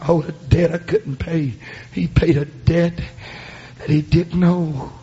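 A man preaching a sermon, building into loud shouted, chanted passages. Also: fairly high pitch, fairly even intonation, takes it slowly, highs cut off.

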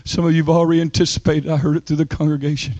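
High-pitched emphatic male preacher. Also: level tone, a little mellow, no echo. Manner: emphatic preaching with dramatic pauses and rising pitch. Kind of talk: sermon.

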